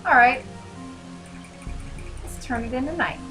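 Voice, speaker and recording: A young woman livestreams a video game, chatting and giggling as she rambles with lots of "like." Her voice sits high and a little slow, over music, in a rough recording.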